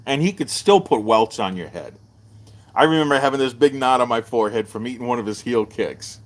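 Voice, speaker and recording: A middle-aged man, hosting a live-streamed martial arts show and telling stories in a loose, animated way. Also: a little fast. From Texas. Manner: animated storyteller, jumps up in pitch for quoted voices. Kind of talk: casual storytelling to a live stream.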